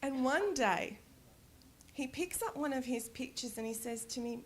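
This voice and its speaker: A middle-aged woman giving a conference talk, telling personal stories in a candid, animated way and laughing often. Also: sits high, unhurried, slight background noise. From Australia. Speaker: conference speaker. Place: conference stage.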